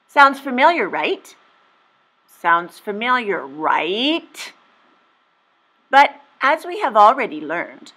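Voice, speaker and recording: A woman's voice: mid-range voice, pushed and bright. A woman teacher narrating a history lesson for kids, playful and teasing, with exaggerated asides to her students.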